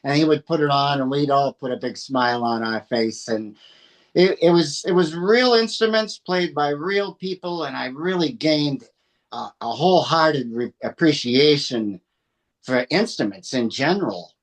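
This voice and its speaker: A middle-aged man from New Hampshire, appearing as a guest, with a slightly high voice. He looks back on his past at a slow, relaxed pace, pausing often with fillers. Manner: unhurried, with frequent fillers. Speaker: guest singer-songwriter. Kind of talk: relaxed storytelling.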